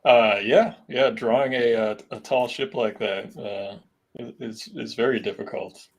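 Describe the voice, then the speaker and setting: A man's voice: mid-range voice, measured pace. A man hosting a live stream, asking easygoing, curious questions in a casual interview. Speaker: host.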